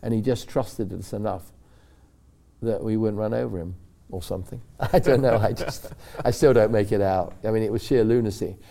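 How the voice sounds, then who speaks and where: A man telling rambling, animated racing stories in a casual chat, acting out what others said. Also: lowish voice, moderate pace, creaky. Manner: rambling, animated storytelling with acted-out quotes. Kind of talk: casual anecdote.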